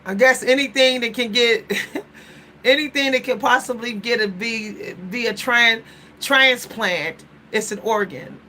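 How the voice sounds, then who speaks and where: A woman's voice: a little high, measured pace, sharp tone, slight background noise. A woman hosting a casual chat, musing playfully and laughing often, with features. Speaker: host.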